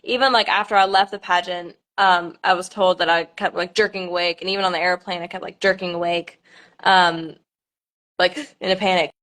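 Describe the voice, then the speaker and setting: Halting young woman, casual livestream. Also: on the low side, flat delivery, fairly bright tone. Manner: halting, lots of ums and nervous laughter. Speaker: pageant contestant.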